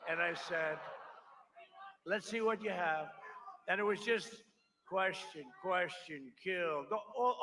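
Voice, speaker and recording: A man's voice: high voice, pushed and bright. A man giving a rambling, boastful campaign rally speech at a podium microphone, full of repeated asides. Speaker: politician. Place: large rally crowd. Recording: noisy live rally recording.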